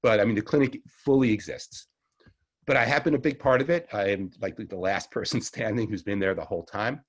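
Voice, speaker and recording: A middle-aged man with a Long Island New York accent talks through a class in a loose, rambling way, often correcting himself as he goes. His voice sits on the low side and has a husky, slightly rough grain. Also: brisk. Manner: rambling, chatty, self-correcting with small laughs. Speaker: herbalist teacher. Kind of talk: casual online class lecture.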